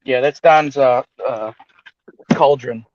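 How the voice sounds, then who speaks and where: A man's voice: mid-range voice, slow pace, a little mellow, no echo. Teasing man on a dull earbud mic. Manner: joking, teasing. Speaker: podcast co-host. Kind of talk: casual chat.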